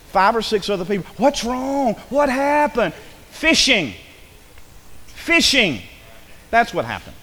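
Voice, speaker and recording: Man, preacher, church sermon, high lively voice, conversational asides, long reverb. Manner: animated, conversational preaching with quick asides and acted quotes. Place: church sanctuary.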